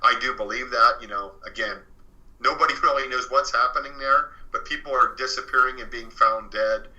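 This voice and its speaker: A man's voice: mid-range voice, a little fast, bright, forceful tone, muffled recording. A man as an interview guest, earnestly telling a true paranormal story in a casual way, full of fillers. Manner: earnest and conversational, many fillers.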